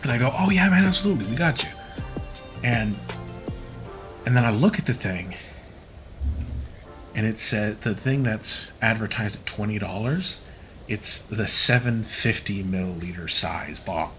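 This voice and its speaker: A man's voice: fairly low pitch, unhurried, pauses often, faint music behind. A man casually telling a work story on a late-night stream, swearing freely and acting out the dialogue. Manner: profane, animated, acts out quoted dialogue.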